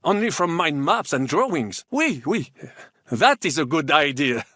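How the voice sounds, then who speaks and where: A haughty French knight holds forth in a bright, animated voice that swoops up and down. He has a French accent and a pompous, theatrical manner. The game recording is dry and close. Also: a little high, unhurried, no echo, full character voice. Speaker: game character. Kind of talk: game voice acting.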